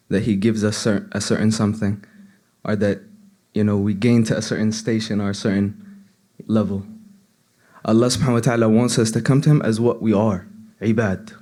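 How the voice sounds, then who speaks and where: A man's voice: lowish voice, darkish tone. A young man, a seminary student, gives an earnest, conversational sermon with frequent restarts. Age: young adult. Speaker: seminary student giving a reminder. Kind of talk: informal sermon.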